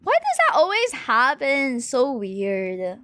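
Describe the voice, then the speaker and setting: A young woman from China chatting casually on her stream, animated and rambling, with lots of fillers and swearing. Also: high voice, takes it slowly, slight background noise. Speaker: VTuber streamer. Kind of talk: casual chat.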